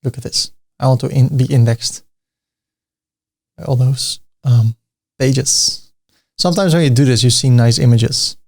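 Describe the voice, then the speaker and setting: A young adult man hosting a screen-recorded software tutorial, thinking aloud in a relaxed way with fillers and restarts. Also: medium pitch, a little slow, creaky. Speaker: tutorial host.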